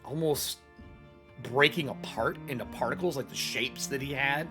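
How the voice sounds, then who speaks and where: A man's voice: mid-range voice, normal speed, music in the background. A man narrating as game master of a tabletop game, talking casually and swearing freely.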